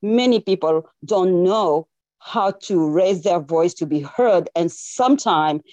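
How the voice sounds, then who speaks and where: A woman's voice: fairly low pitch, slow pace, dark tone, no room sound, dull audio. A woman from Senegal with a French accent, an earnest community organizer who repeats herself as she makes her points. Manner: earnest, repeats phrases, laughs between thanks.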